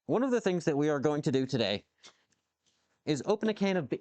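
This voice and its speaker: A man with a fairly high, widely swinging voice talks quickly in a darkish tone, recorded dry. He's livestreaming from his home workshop with a lathe, machining while he answers chat, rambling, swearing and reacting to viewers casually.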